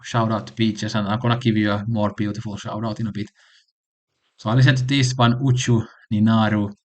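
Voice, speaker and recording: A man's voice: lowish voice, flat delivery, fairly quick. A man hosting a casual music recommendation vlog, talking enthusiastically and rambling with frequent restarts. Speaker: channel host.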